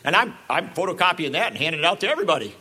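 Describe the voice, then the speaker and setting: A man giving a public talk with sarcastic, animated delivery and frequent asides. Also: fairly high pitch, rapid-fire, breathy edge. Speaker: speaker.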